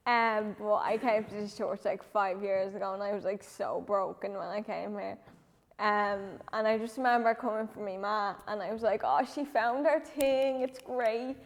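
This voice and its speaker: Nervous woman giving a halting testimony. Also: medium pitch, steady tone. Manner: halting, lots of "um" and "like". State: nervous, close to tears. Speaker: church member giving testimony. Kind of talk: personal testimony. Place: church. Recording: reverberant church hall.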